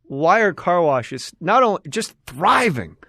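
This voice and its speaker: A man's voice: sits high, unhurried, no room sound, studio quality. A middle-aged man hosting a comedy podcast, joking around and reading an ad. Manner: animated, jokey, lots of put-on quote voices. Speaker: podcast host. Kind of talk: casual comedic chat and host-read ad.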